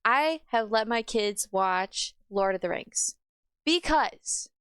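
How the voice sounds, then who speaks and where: A woman's voice: on the high side, expressive, slow, a bit bright, smooth, no echo. A woman hosting a reaction video, ranting with sarcasm and frequent swearing. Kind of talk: ranting commentary.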